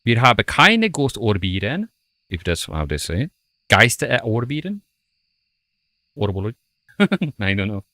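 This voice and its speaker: Man, gameplay commentary, playful self-mocking muttering, slow pace, dry headset sound. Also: fairly low pitch, big pitch swings, sharp tone, no echo. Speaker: streamer playing a ghost-hunting game.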